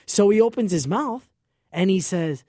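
A man's voice: sits high, animated, normal speed, warm tone, no room sound, studio quality. A man chatting casually, telling a long story with jokes and cleaned-up slang. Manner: chatty, joking, self-censoring slang.

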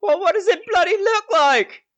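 A man voicing a scared but defiant young farm boy, talking in a high, blustering voice with cockney-tinged exclamations. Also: expressive, moderate pace, fairly bright tone. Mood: bitter.

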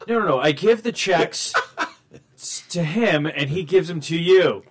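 Excitable young man with a lively voice. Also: on the high side, a little slow, noisy background. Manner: excitable, swearing, quoting movie lines in raised voices. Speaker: friend chatting. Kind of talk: casual chat.

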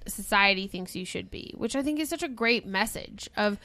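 A woman's voice: medium pitch, normal speed, dry recording. A woman co-hosting a casual movie discussion podcast, talking with enthusiasm. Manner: enthusiastic, animated. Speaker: podcast co-host.

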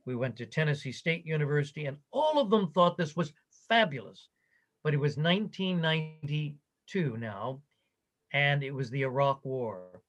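Older man telling a lively story. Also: mid-range voice, rough recording. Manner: animated anecdotal telling, quoting others. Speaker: interviewee. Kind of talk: storytelling in conversation.

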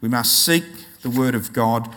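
A man preaching a sermon in an easy conversational way, slowing down to stress key words from scripture. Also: mid-range voice, a bit bright.

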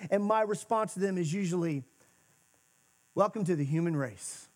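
A male pastor giving a sermon in a church, talking conversationally and moving between emphatic and hushed moments. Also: sits high, normal speed. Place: church sanctuary.

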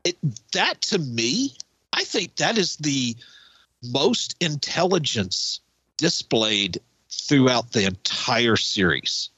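A man's voice: mid-range voice, takes it slowly, slightly rough, no room sound, highs cut off. A man co-hosting a podcast, talking emphatically and casually. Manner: emphatic, animated storytelling. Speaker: podcast co-host. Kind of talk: casual chat.

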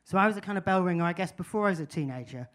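A man's voice: high-pitched, animated, rapid-fire, fairly bright tone. Wry man telling a story. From England. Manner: wry, anecdotal, musing. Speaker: speaker. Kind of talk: storytelling talk.

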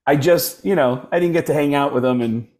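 A man, a comedian, telling stories casually and animatedly, dropping into quick impressions of other people. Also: on the high side, darkish tone. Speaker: comedian guest. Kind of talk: casual storytelling.

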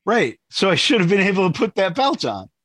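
A man with a fairly high voice that rises and falls sharply, hosting a podcast. He gets worked up, swears and makes fun of himself, stumbling over his words as he goes. The recording is close and dry. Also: brisk, no echo. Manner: animated, self-deprecating, swears, stammers when worked up. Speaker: podcast host. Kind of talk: casual banter.

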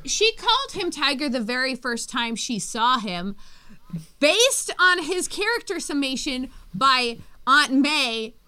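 A woman's voice: high-pitched, sing-song, slow, bright, forceful tone, smooth. A woman guest on a podcast, telling a personal story casually and giggling as she goes. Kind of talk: casual conversation.

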